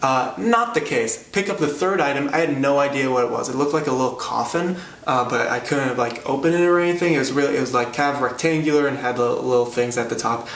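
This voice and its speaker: A man's voice: medium pitch, fast, a bit bright. A man telling a stand-up story in a rambling, self-deprecating way, full of fillers, recorded from a distance in a roomy space. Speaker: comedian, storyteller. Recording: roomy, distant mic, faint hum.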